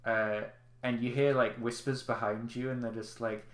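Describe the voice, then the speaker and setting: This is a medium-pitched man narrating a tabletop game as its game master. He speaks in a laid-back, halting manner with lots of fillers, and the room has an echo.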